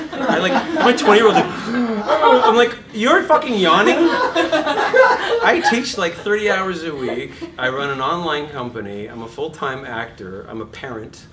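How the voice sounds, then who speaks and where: A man in his fifties, an acting teacher, giving a lively seminar talk to a class, self-deprecating and swearing freely. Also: unhurried, over a noisy crowd. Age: 50s. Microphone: distant room mic. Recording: echoey room, far mic, rumbling noise.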